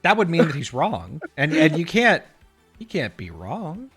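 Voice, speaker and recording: A man's voice: fairly high pitch, wildly swooping pitch, unhurried, a bit bright, husky, soft background music. A man co-hosting a podcast, chatting casually with wry, teasing remarks. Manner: laughs easily, wry and teasing. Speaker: podcast co-host. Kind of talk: casual chat.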